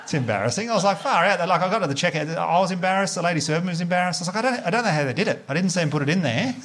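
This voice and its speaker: An Australian man performing a stand-up comedy set, telling stories in a laid-back, sweary, deadpan way. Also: high-pitched, rapid-fire, background noise. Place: live comedy venue with audience laughter.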